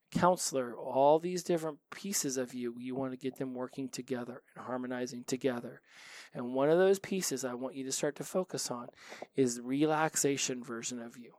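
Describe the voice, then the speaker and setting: A man hosting a solo self-help podcast, telling stories in a chatty, animated way. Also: mid-range voice, no echo. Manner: chatty, animated storytelling with laughs. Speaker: podcast host.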